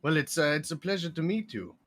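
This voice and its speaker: A man voicing a stiff, formal aristocrat with a deep, measured, haughty delivery. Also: animated, a bit bright. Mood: dry.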